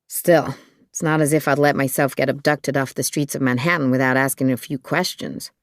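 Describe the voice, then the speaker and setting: An audiobook narrator reading a thriller in an even, measured storytelling manner. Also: mid-range voice, no echo, clean studio sound.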